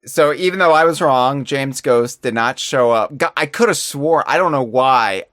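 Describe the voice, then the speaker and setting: A man's voice: medium pitch, no echo, studio quality. A man as a guest on a podcast, chatting casually and with animation. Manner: animated, chatty, quick to laugh.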